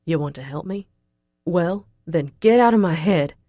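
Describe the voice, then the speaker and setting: A woman's voice: on the low side, animated, moderate pace, dark tone, dry recording, studio quality. A woman voicing an angry, frightened young male college student who talks in a harsh, accusing way.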